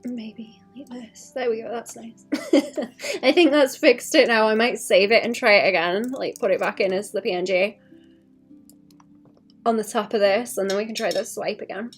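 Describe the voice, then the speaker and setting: A woman's voice: fairly high pitch, normal speed, soft background music. A woman artist on a casual livestream, rambling as she thinks aloud about her drawing and adding playful sound effects.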